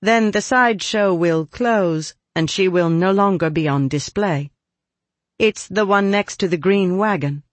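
A man voicing a prim, learned young woman who speaks in a formal, measured way in a storybook. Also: high-pitched, dry recording, pitched above the performer's own voice. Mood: composed.

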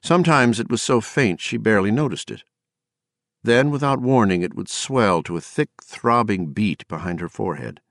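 A man reading a novel aloud as an audiobook narrator, measured and dramatic in his storytelling. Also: on the low side, lively intonation, dry recording, clean studio sound.

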